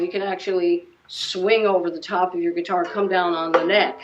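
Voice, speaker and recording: A woman's voice: lowish voice, muffled recording, noisy background. A woman in her seventies, a guest musician, chatting casually in an interview and telling rambling anecdotes full of restarts. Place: living room at home.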